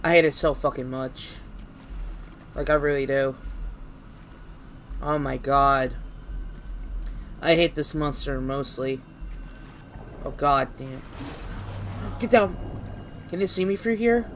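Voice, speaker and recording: A man's voice: on the high side, slow pace, long pauses, slight background noise. A man streaming a horror game live, muttering to himself and breaking into panicky, swearing outbursts. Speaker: gaming streamer.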